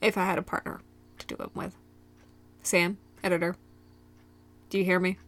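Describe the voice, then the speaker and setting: A woman's voice: lowish voice, level tone, normal speed, fairly bright tone, faint music behind. A young woman from Michigan hosting a solo podcast, recapping a show in a giggly, rambling way that drifts into tangents. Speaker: podcast host.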